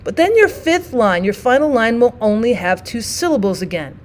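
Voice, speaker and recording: A woman teaching a lesson on poetry, explaining each form step by step and reading example poems aloud slowly. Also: a little high, very animated. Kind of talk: classroom lesson.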